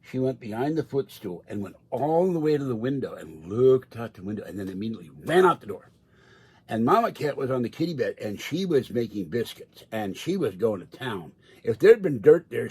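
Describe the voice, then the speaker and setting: A man's voice: medium pitch, darkish tone, breathy edge. A man chatting casually on a livestream from his home, rambling from one story to the next and laughing often. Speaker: livestream host. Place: indoors at home.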